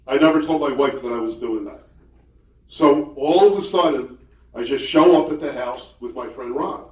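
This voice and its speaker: A man in his sixties doing stand-up storytelling, with chatty, hesitant delivery and deadpan punchlines. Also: a little high, moderate pace. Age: 60s. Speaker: comedian at a banquet. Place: banquet hall. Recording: echoey hall, voice far off.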